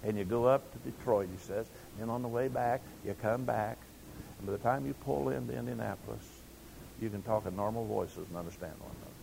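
An older man with a fairly low voice preaches in a plain, folksy manner. He tells stories and acts out the quotes he tells. A faint rumble sits under the recording. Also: fairly quick, creaky. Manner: folksy storytelling with acted quotes. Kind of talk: sermon.

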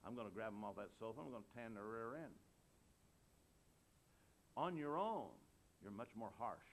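An older man preaching a sermon, with emphatic delivery that swings between loud and soft. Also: lowish voice, animated, normal speed, slight background noise.

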